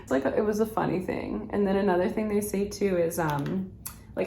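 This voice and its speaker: A woman's voice: medium pitch, moderate pace, gravelly, warm tone, reverberant, a little hiss or hum. A woman, chatting through a makeup routine and rambling with lots of "like" and laughter. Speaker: beauty vlogger. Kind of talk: chatty get-ready-with-me.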